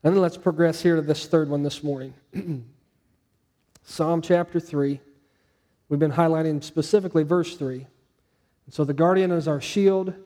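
Man preaching a lively sermon. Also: normal speed, pauses often. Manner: animated preaching, rising for quoted lines and dropping low and soft for emphasis. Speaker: pastor.

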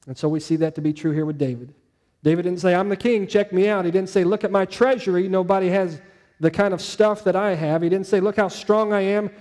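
A man preaching a Sunday sermon with a slightly higher voice. He gets animated, climbing up for quoted lines, then sinks low and quiet to drive a point home. His delivery is conversational and earnest, and he often asks the congregation questions. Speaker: pastor.

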